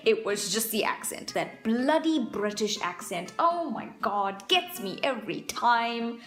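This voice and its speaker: A woman's voice: a little high, very animated, slow pace, fairly bright tone, soft background music. A young adult woman vlogger talking in a playful, self-mocking, chatty way. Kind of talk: casual comic vlog. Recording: echoey room sound.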